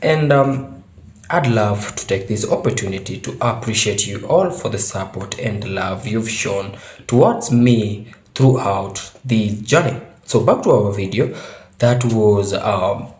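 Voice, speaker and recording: A man hosts his own vlog and comments on it with emphasis, speaking directly to his viewers. His voice sits low. It rings in a roomy, echoey space. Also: measured pace, darkish tone. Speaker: YouTube channel host. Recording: roomy echo.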